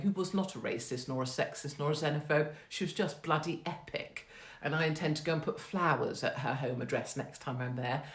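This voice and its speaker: A woman's voice: low-pitched, echoey room. A woman in her forties hosting a rambling, casual monologue, blunt, profane and sarcastic. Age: 40s. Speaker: host.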